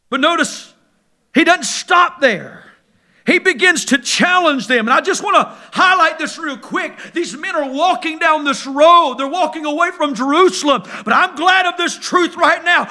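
High, bright-voiced preacher swinging from hush to shout. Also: male voice, animated, moderate pace. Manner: swings from hushed, low passages to loud, shouted peaks; acts out quoted voices in storytelling. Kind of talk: sermon.

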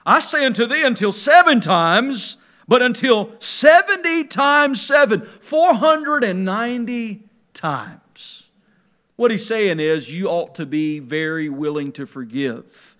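A man preaching a sermon, swinging from quiet musing to loud, emphatic preaching and drawing key words out slowly. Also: sits high.

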